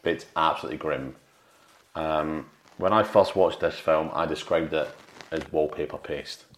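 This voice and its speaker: A man's voice: rumbling low, steady tone, normal speed. A man co-hosting a podcast, chatting casually about a film and retelling scenes with lots of restarts. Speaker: podcast co-host. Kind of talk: casual film review chat. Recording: roomy echo.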